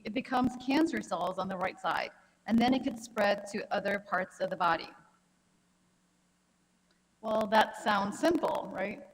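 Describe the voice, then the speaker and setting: Woman doctor lecturing in a reverberant hall. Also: on the high side. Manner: friendly, anecdotal, conversational lecturing. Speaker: gynecologic oncologist giving a talk. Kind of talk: health conference presentation. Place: conference hall.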